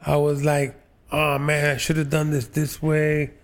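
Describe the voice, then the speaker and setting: A man in his sixties from New York's Lower East Side, an actor telling stories in an interview, slow and halting with many fillers. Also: monotone. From New York, Lower East Side. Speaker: actor, guest. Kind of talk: relaxed interview storytelling.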